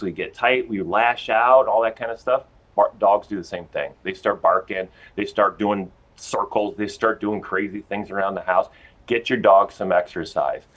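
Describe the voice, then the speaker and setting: A pet store guest expert with a lowish voice shares dog training advice on TV, though the audio quality is poor. He's folksy and talkative, playing out little everyday moments in his own voice.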